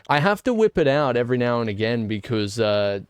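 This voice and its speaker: A man's voice: mid-range voice, very animated, brisk, smooth, no echo, clean studio sound. A man with an Australian accent chatting casually while streaming a game, rambling and joking with mock indignation. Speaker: gaming streamer. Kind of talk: casual live-stream chat while playing.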